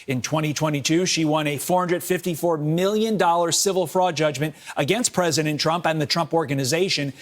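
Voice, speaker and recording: A man reporting on TV news in a measured, crisp broadcast delivery. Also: fairly high pitch.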